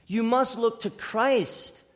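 A male pastor preaching a sermon, swinging between loud emphatic repetition and hushed, quieter asides. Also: extremely high pitch, slow pace.

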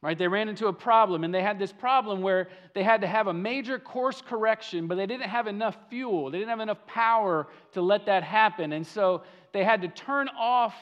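High-voiced man preaching with animated storytelling. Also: brisk, hardly any pauses, lo-fi sound. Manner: animated storytelling, acting out the figures' lines; repeats words and restarts sentences. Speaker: pastor. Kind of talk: sermon.

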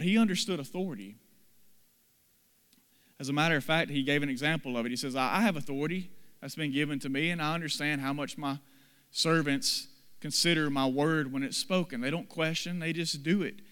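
A man preaching a sermon, dramatically acting out the people in the story with sudden loud and soft swings. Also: fairly high pitch, moderate pace, long reverb tail. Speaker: pastor.

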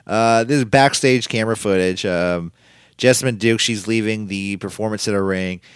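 A man's voice: on the low side, normal speed, clean tone, no room sound, clean studio sound. A man hosting a casual solo podcast, recapping events in a rambling, opinionated way. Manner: rambling and opinionated, quotes people in put-on voices. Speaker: podcast host recapping wrestling.

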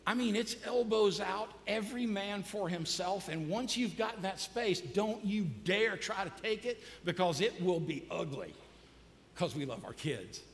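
A man's voice: high voice, expressive, measured pace, slight background noise. A male pastor preaching a sermon in a casual, joking way, quizzing the congregation as he goes. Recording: long reverb of a large hall.

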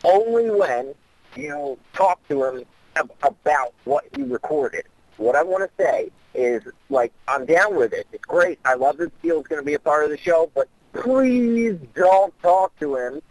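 A man's voice: on the high side, expressive, measured pace, a little mellow, no echo, rough recording. A man calls a podcast and leaves a phone message, blunt and full of swearing but enthusiastic. His voice sounds dry, with no room around it. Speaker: caller.

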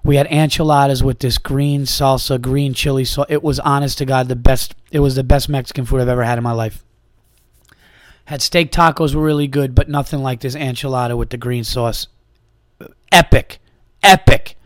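A man hosts his own podcast in a casual, rambling monologue, his voice a little hoarse from a sore throat. He curses freely and keeps circling back and restarting his sentences as he tells the story. The sound is close and dry, with no room around it. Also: medium pitch, steady tone, brisk, dry recording. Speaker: podcast host and comedian.

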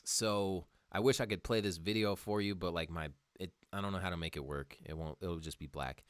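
A man's voice: deep voice, a little fast, clean tone, dry recording, studio quality. A young man hosting a casual show, ranting heatedly with lots of swearing and calling listeners "dude". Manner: heated, profane, says "dude" a lot. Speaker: podcast host. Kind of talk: casual profane monologue, reading articles aloud.

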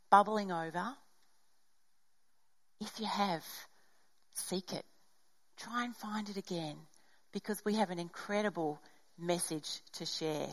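Middle-aged woman preaching, animated. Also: on the low side, unhurried, pauses often, low-quality recording. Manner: animated storytelling, acts out dialogue. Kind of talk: sermon with personal story.

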